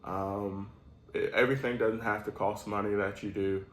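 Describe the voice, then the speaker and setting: A man's voice: lowish voice, fairly even intonation, moderate pace, fairly bright tone, roomy sound, slight background noise, poor audio. A man co-hosting a casual chat, talking in an easygoing, rambling way. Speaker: co-host.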